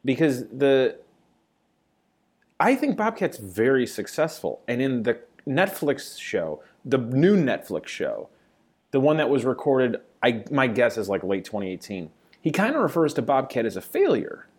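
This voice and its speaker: A man hosts a casual podcast and asks his guest pointed questions. His pitch jumps up and down a lot as he talks, which gives his speech a lively, animated feel. He keeps the conversation moving. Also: unhurried, slightly rough.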